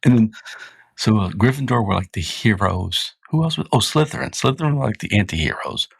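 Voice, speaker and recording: American podcast host, very deep and gravelly, loose rambling talker. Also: male voice, animated, fairly quick, no echo. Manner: rambling, self-correcting, laughs at own jokes. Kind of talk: casual chat.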